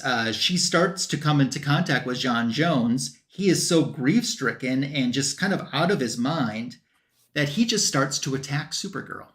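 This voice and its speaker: The host of a comic book review show recaps a story on a panel stream, rambling loosely in casual chat with lots of fillers. His voice sits in the mid-range and is a bit bright.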